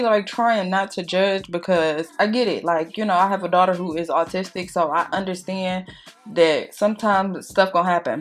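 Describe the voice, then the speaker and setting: A young woman chatting casually while doing her makeup, telling a story in an animated way and acting out what people said. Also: mid-range voice. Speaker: beauty vlogger.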